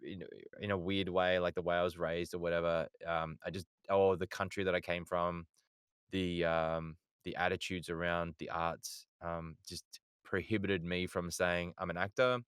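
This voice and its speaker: A man's voice: low voice, flat delivery, normal speed, clean tone, no room sound, clean studio sound. A man with an Australian accent, a voice actor guest telling stories in a laid-back, rambling way on a podcast. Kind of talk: casual podcast chat.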